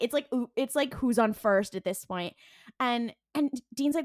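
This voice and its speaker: A woman's voice: high-pitched, a little fast, dry recording, clean studio sound. A young woman co-hosting a podcast, casually recapping a TV episode, acting out the characters' lines and laughing often. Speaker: podcast co-host.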